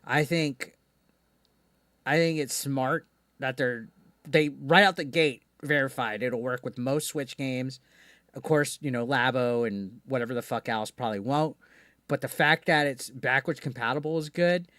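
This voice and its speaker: A man's voice: mid-range voice, unhurried, fairly bright tone, no room sound, clean studio sound. A man hosting a live call-in stream, talking casually with frequent restarts and swearing. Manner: rambling, profane, many restarts. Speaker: streamer host.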